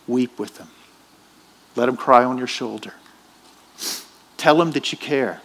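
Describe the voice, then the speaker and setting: A man's voice: mid-range voice, a little slow, a bit bright. A man preaching a sermon in a church, emphatic and questioning his congregation. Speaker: pastor.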